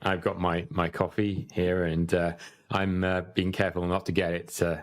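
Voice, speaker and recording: A man's voice: low-pitched, flat delivery, moderate pace. A man co-hosting a casual tech podcast, joking and laughing often. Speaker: podcast co-host.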